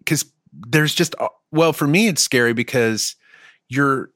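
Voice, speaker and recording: A man's voice: medium pitch, unhurried, a bit bright, no echo, clean studio sound. A man co-hosting a podcast, rambling through stories in a casual, self-deprecating way. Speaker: podcast co-host, musician. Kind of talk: casual chat.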